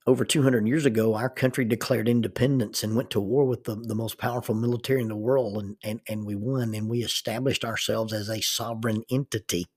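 A man's voice: fairly low pitch, fairly even intonation, fairly quick, few pauses, a little mellow, no echo, studio quality. An American man, a counselor and minister, telling a personal story in a casual, rambling way and often repeating words as he thinks aloud. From United States.

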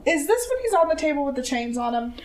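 A woman casually discussing a TV episode with a friend, relaxed, opinionated and dropping wry asides. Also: high-pitched, quick pace. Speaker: podcast co-host. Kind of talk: casual recap chat.

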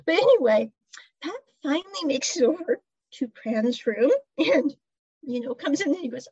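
A woman's voice: high voice, lively intonation, moderate pace, darkish tone, no room sound, dull audio. A woman chattily retelling a drama episode, with giggles and side comments. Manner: chatty storyteller, giggles, asides. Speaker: drama recap vlogger. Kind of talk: casual episode recap.

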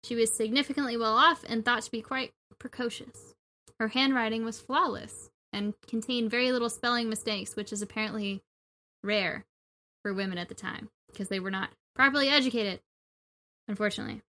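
Podcast host, female, casual history narrator, bright tone. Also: fairly high pitch, a little fast. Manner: chatty, reads notes with asides.

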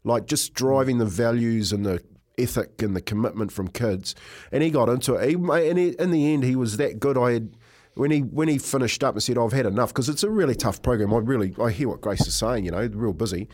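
A man's voice: mid-range voice, brisk, a little mellow. Middle-aged New Zealand man, co-host; rambling storyteller, talks casually. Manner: rambling, says "mate" a lot.

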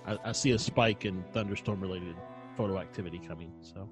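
A man's voice: low voice, fairly quick, faint music behind. Hesitant male podcast co-host. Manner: hesitant, many fillers. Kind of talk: casual chat.

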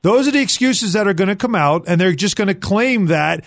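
A man co-hosting sports radio talk, emphatic and animated, often repeating words as he starts a point. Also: sits high, brisk, dry recording, studio quality.

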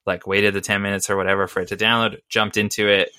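A man's voice: on the low side, flat delivery, fast talker, sharp tone, clear, resonant tone, dry recording, studio quality. A man co-hosting a casual podcast chat about video games, rambling with lots of fillers and little laughs. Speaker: podcast co-host.

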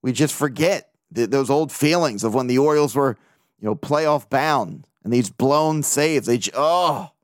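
A man's voice: mid-range voice, unhurried, no echo, clean studio sound. A man hosting a casual solo podcast, rambling and joking, swearing freely as he talks. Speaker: podcast host.

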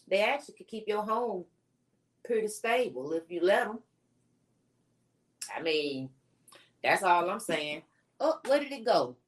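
A woman co-hosting a casual live-stream chat, talking in a laid-back, slangy way. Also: mid-range voice. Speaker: co-host.

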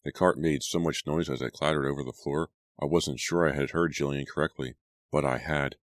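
A man narrating an audiobook in a steady, even storytelling manner. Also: very deep voice, a little fast, no echo.

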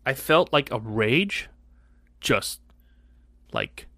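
A man in his forties, a podcast co-host telling a story in casual chat, animated, swearing freely and acting out voices. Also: medium pitch, drawn-out words, creaky, no echo, clean studio sound.

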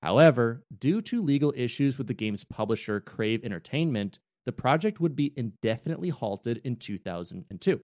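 A man's voice: mid-range voice, expressive, brisk, hardly any pauses, a little mellow. A man co-hosting a casual chat about game history, joking and playful. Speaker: podcast co-host.

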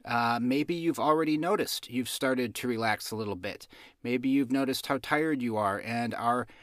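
A man hosting a casual astrology podcast, chatting in an unhurried way and laughing at his own jokes, on a close mic. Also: medium pitch, fairly bright tone, no room sound. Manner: giggly, self-amused, unhurried. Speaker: podcast host.

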